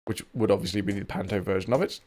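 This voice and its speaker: A man's voice: fairly low pitch, quick pace, darkish tone, a little hiss or hum. A man with a southern English accent, chatting casually and joking while he streams a game. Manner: chatty, jokey, swears now and then. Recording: game music behind.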